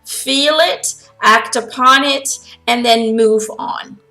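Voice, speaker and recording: A woman's voice: a little high, takes it slowly, bright, forceful tone, soft background music, low-quality recording. A woman medium answering follower questions in a chatty, giggly way, relaying a spirit's words. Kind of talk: casual channeled Q&A monologue.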